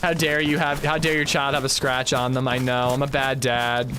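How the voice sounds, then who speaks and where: A man with a mid-range voice hosts a gaming livestream, chatting casually at a moderate pace while playing. He tells stories in an animated, joking way, with background noise in the recording.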